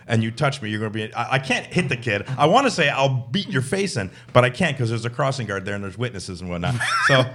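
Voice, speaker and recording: A man in casual chat with friends, telling a story with animated acted-out quotes. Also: mid-range voice, fast talker, hardly any pauses, slight background noise.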